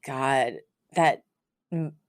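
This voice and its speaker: A woman's voice: a bass voice, very slow, no echo, studio quality. A woman co-hosting a podcast, chattily recapping an episode and acting out lines. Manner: chatty, many filler likes, acts out quotes. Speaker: podcast co-host.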